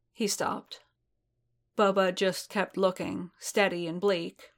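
Low-pitched woman narrator, even and steady. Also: slow. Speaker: reader. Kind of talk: audiobook narration of fan fiction.

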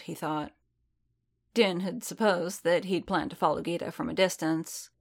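A woman reading fan fiction aloud in a steady storytelling manner. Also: on the low side, moderate pace. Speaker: narrator.

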